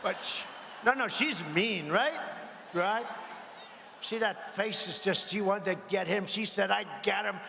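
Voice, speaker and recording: A man with a high, bright voice speaks from a podium mic in a large arena. He rambles and mocks his rivals, stopping often to ask the crowd for agreement. His voice carries through a long echoing hall over faint crowd noise. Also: a little slow, vocal fry. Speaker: politician at a rally. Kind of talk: campaign rally speech.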